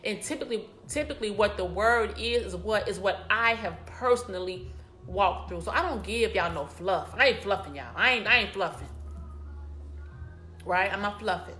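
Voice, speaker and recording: Woman chatting on her livestream, keeps repeating herself, says y'all a lot, soft music faintly behind. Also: mid-range voice, moderate pace. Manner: warm, repetitive and affectionate toward viewers, lots of "y'all". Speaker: motivational speaker hosting a live broadcast. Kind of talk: casual live-stream talk to viewers.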